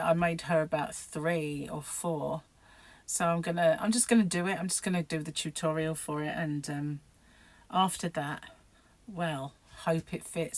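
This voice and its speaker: A woman's voice: lowish voice, moderate pace, no room sound. A middle-aged woman vlogging about crochet in a rambling, chatty way, laughing often. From United Kingdom. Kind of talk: casual chat to camera.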